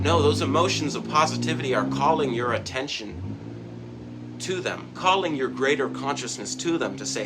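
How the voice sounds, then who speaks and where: A man's voice: medium pitch, moderate pace, vocal fry, background noise. A man hosting a motivational self-help talk, speaking earnestly and repeating words for emphasis. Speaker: host.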